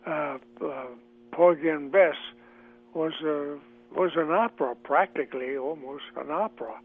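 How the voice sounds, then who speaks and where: An older man, a veteran comic actor, reminiscing in a chatty, halting way in a radio interview. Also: a little high, slightly rough. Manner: chatty, halting with many fillers. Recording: tinny phone line.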